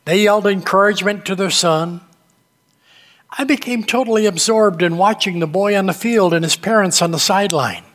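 A man preaching a sermon, telling a story slowly with dramatic pauses. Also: high-pitched, fairly bright tone. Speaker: pastor. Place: church sanctuary. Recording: long reverb of a large sanctuary.

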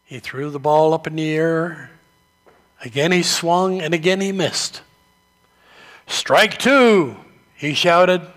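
A man preaching a sermon, telling stories slowly and deliberately. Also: on the high side, fairly even intonation, a bit bright. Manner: slow, deliberate storytelling delivery. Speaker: pastor.

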